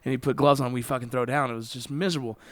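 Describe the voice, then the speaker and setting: A man co-hosting a podcast, telling profane stories in an animated, casual way. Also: medium pitch, very fast, no echo. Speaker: podcast co-host. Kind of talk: casual bar-style storytelling.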